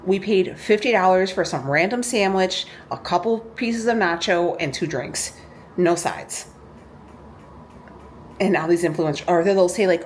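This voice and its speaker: Chatty woman vlogger, lower voice. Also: expressive, moderate pace, slight background noise. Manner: chatty, ranting, lots of fillers like "okay?". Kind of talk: casual chat.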